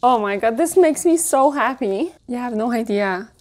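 A woman in her thirties chatting casually at home while showing off a haul, gushing and now and then cooing in a high baby voice. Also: animated, normal speed, darkish tone. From Canada. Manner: gushing, coos in a high baby voice at her dog and cute mugs. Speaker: vlogger. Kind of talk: casual show-and-tell haul.

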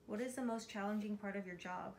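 A woman reading out interview questions in an upbeat, brisk way. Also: mid-range voice, fairly even intonation, darkish tone, a little hiss or hum.

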